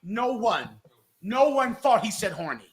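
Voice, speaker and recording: Loud, mocking high-voiced man. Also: sing-song, a little slow. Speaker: host. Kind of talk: heated live radio commentary.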